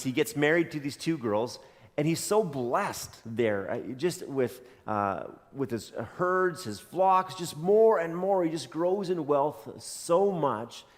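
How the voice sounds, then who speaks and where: A man preaching a sermon as a pastor, telling a story in a conversational way with dry jokes. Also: mid-range voice. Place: church sanctuary. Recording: long hall reverb.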